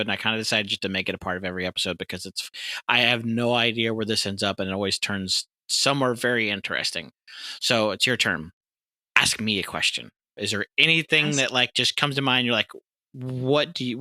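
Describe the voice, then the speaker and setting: Male podcast host, bright and sharp, dry close sound, excitable with stammers. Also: on the low side, fast talker, no room sound. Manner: enthusiastic, stammers and restarts. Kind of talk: casual interview chat.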